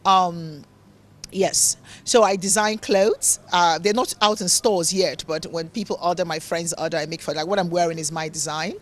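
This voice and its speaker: A woman's voice: lowish voice, fairly even intonation, moderate pace. A woman from Nigeria with a mixed, hard-to-place accent, answering interview questions as a motivational speaker and author. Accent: mixed accent of English, African and Italian tones. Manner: earnest, preachy, repeats words for emphasis.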